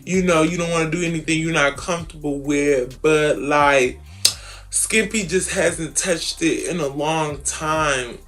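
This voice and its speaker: Woman putting on a lower, whiny guy's voice; a pushy sugar daddy who whines and pleads. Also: unhurried, fairly bright tone. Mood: pleading. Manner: whining, pleading.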